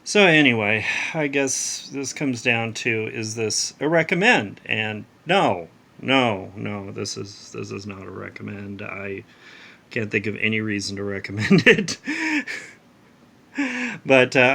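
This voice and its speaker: A man's voice: fairly low pitch, slow pace, creaky, sharp tone. A man giving a casual spoken review of a comic book, exasperated and ranting, with wry laughs and frequent restarts.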